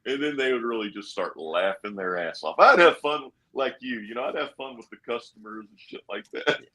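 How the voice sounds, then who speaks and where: Guy telling a funny work story on a stream, very lively pitch. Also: normal speed. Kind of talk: casual live-stream chat.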